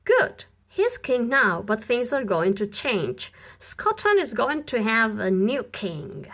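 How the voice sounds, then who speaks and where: A scheming, ambitious noblewoman who presses her point with insistent urgency, sometimes sinking to a hush. A woman reads her in a storybook style, her voice lively and rising, the pace slow. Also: a little high, exaggerated voice.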